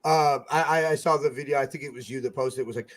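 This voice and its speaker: A man co-hosting a casual sports fan podcast, profane and excitable, swinging between loud bursts and mutters. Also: medium pitch, quick pace. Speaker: podcast co-host.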